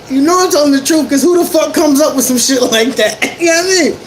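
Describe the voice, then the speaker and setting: A man telling a story to a livestream chat in casual, profane slang, animated and often laughing. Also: extremely high pitch, a little fast, a little hiss or hum, poor audio.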